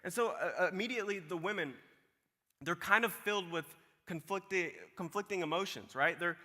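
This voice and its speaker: A male pastor preaching in a casual, storytelling way, slipping into the voices of the people he describes. His voice is high and very bright. A long hall reverb hangs on every phrase. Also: normal speed. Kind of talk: sermon.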